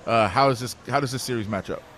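A man's voice: medium pitch, fast talker, a bit bright, slight background noise. A man hosting a casual sports talk show, easygoing and full of filler uhs as he sets up segments. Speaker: sports radio host.

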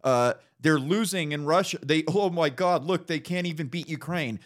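A man's voice: on the high side, moderate pace. A young man hosting a podcast, ranting casually about politics with lots of swearing and mocking impressions. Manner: profane, animated, mocking impressions. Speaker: podcast host.

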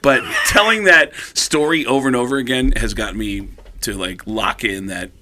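A man who is a stand-up comedian, telling stories in an animated, casual way as a guest. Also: medium pitch, slight background noise. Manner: animated, quick shifts into voices. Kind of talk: casual storytelling chat.

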